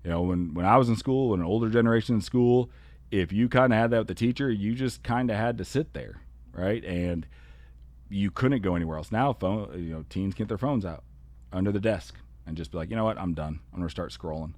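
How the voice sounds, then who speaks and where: A man's voice: on the low side, brisk, darkish tone, dry recording. A man, an educator hosting a solo podcast, talking in an earnest, conversational way that is full of "you know" and "kinda".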